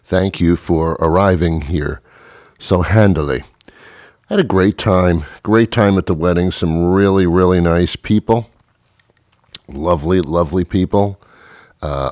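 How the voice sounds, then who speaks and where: A man hosting a comedy podcast, spinning a long, rambling tale in a deadpan voice. His voice is deep, with lots of repeats and fillers, and the recording is close and dry. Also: dry recording. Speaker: host.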